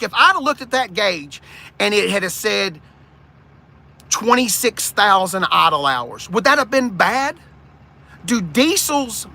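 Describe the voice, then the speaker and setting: A man's voice: high-pitched, gravelly, bright, forceful tone. Jokey man rambling to chat. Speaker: car vlogger. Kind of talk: casual livestream walkaround.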